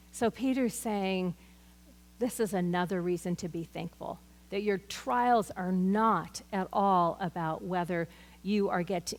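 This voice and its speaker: Earnest woman teaching Bible study, hall reverb. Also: mid-range voice. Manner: earnest and conversational, with personal anecdotes.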